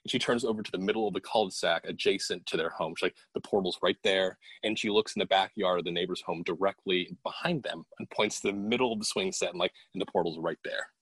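A man casually telling a ghost story from an investigation, animated and swearing, quoting the people in it in his own voice. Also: deep voice, quick pace, few pauses, breathy edge, no echo.

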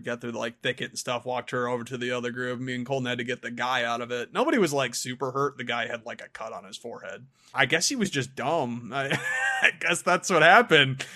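Bright-voiced man telling a rambling story. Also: medium pitch. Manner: rambling storytelling with many fillers. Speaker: podcast co-host. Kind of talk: casual chat.

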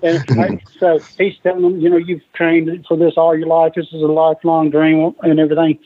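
A man's voice: fairly high pitch, completely flat delivery, a little fast, a crowd in the background. A man guest telling wrestling stories casually, acting out the quoted lines as he goes. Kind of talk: casual storytelling. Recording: tinny phone-like line.

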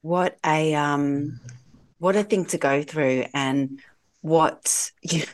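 A woman interviewer with a notably low voice for a woman. She listens closely, adds small "yeah"s, and asks her questions in a halting way, restarting sentences before she lands them. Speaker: host. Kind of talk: casual interview.

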